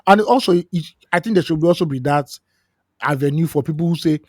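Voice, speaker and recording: A man's voice: a little high, fast, darkish tone, no room sound, clean studio sound. A Nigerian man co-hosting a podcast in casual chat, joking and slipping into Pidgin. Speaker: podcast co-host.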